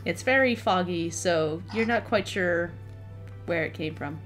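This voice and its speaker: A woman's voice: fairly low pitch, unhurried, soft background music. A woman narrating a tabletop game as dungeon master, describing scenes with occasional stumbles and repeated words.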